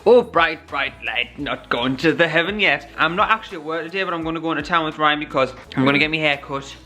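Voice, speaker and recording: A man's voice: on the high side, fast, bright, forceful tone, faint music behind. Chatty young man vlogging. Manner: chatty, rambling, laughs often. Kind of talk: casual vlog chat.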